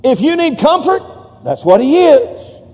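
A man's voice: very high voice, big pitch swings, a little slow, a little mellow. A man preaching a sermon, leading the congregation in call-and-response and building to emphatic peaks. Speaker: pastor. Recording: long hall reverb.

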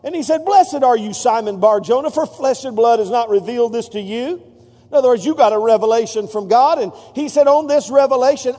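A man's voice: extremely high pitch, fairly quick, warm tone. A male pastor preaching a sermon, calling on the congregation to answer back and repeat after him. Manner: preaching with call-and-response to the congregation. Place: church sanctuary. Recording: long reverb of a large hall.

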